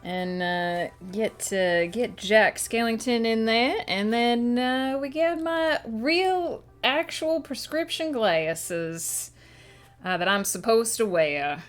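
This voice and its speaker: A woman's voice: fairly high pitch, animated, slow, faint music behind. A woman streamer chatting casually on a live stream, talking along while she fiddles with props. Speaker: streamer and writer.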